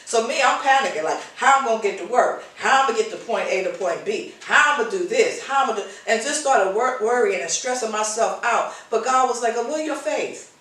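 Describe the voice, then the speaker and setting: A woman's voice: on the high side, brisk, hardly any pauses, a bit bright. A woman hosting her own show, giving an informal preaching talk with passionate, repetitive exhortation. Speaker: host. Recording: very echoey, voice distant from mic.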